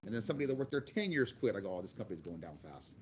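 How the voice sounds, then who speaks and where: A man's voice: lowish voice, sing-song, rapid-fire, a little hiss or hum. A man in his forties, a guest speaker and construction manager, telling rambling, blunt stories in a casual way with many restarts. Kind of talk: casual storytelling to a class.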